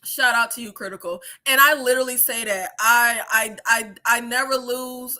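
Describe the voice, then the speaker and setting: Animated woman in her 30s on a livestream, high voice, really bright and sharp, lots of likes and swearing. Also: normal speed, hardly any pauses. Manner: animated, swearing freely, laughing, using many fillers. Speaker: YouTube creator. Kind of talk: casual livestream chat.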